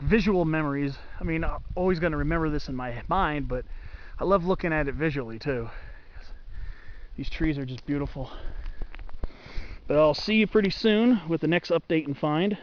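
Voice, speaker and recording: A man with a high voice narrates his mountain hike outdoors, gushing about the trees to his camera. The sound is dull and lo-fi, with faint outdoor noise behind him. He talks casually and eagerly as he walks the trail. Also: a little fast. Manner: enthusiastic, gushing over the trees, talks to the camera while walking. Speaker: hiker filming his hike. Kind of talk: casual hiking vlog narration.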